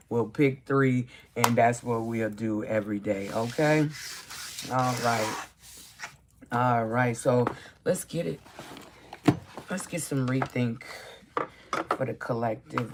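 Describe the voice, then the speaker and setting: A card reader hosts a live stream in a loose, chatty way. Affirmations are read out slowly, then talked through with lots of encouragement, nearly every line ending in a questioning "okay?". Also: mid-range voice, noisy background. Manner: reads affirmations aloud slowly, then riffs on them.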